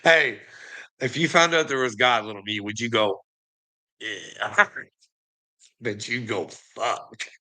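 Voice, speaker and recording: A man's voice: medium pitch, slow pace, long pauses, pushed and bright. A man ranting casually to his chat, swearing often, laughing constantly and calling people bud in a mocking, teasing way. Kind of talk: casual profane rant to chat.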